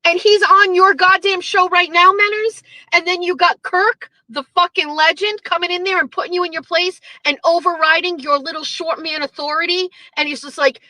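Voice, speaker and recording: Streamer host, woman, high and bright voice, profane ranting commentary, dry close sound. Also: moderate pace, few pauses, no room sound, low-quality recording. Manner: profane, animated, mocking impressions.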